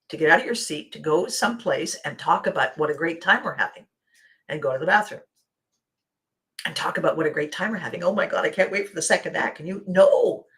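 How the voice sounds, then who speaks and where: A woman hosting a motivational monologue, acting out little scenes and dropping to a soft near-whisper for emphasis. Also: lowish voice. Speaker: podcast host.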